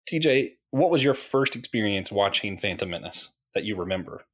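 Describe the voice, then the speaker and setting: A man in his thirties hosting a casual podcast, upbeat and quick to laugh, his voice lifting when he asks questions. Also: fairly low pitch, expressive, slightly rough. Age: 30s. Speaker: podcast host. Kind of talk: casual chat.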